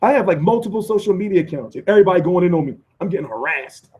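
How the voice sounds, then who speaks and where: An American man hosting a live boxing stream, answering viewer comments in a profane, animated rant with lots of restarts and repeats. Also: high-pitched, rapid-fire. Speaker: boxing commentator and channel host.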